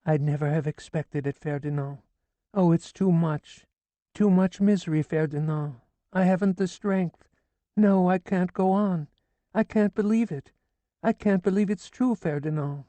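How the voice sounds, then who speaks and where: A grieving, indignant old woman, put on by a male narrator in a high, mellow voice. She laments and then berates with fierce scorn, in a close, dry audiobook read. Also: measured pace, dry recording. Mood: tearful lament. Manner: wailing, then scolding and indignant. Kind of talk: audiobook character reading.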